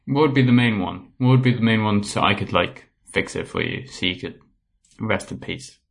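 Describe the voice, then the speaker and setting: A man's voice: lowish voice, normal speed, creaky. A man co-hosting a podcast, chatting casually in a dry, teasing way. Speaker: podcast co-host. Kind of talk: casual chat.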